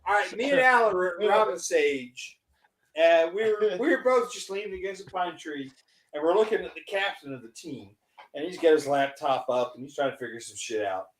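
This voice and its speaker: A man hosting a podcast, telling a crude army story in a profane, animated way. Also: sits high, fairly quick, reverberant, rough recording. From United States. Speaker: podcast host. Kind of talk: casual podcast chat, storytelling.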